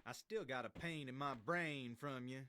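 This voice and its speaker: A man voicing a menacing cowboy henchman in a video game, with a slow, threatening Texan drawl. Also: mid-range voice, pushed and bright, slight background noise, natural voice. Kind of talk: video game cutscene acting.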